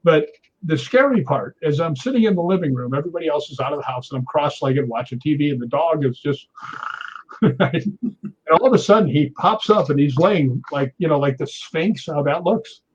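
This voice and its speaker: Husky-voiced man telling a lively story. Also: a little high, moderate pace, muffled recording. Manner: animated storyteller, keeps asking "right?". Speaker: guest. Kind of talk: telling a story in a chat show.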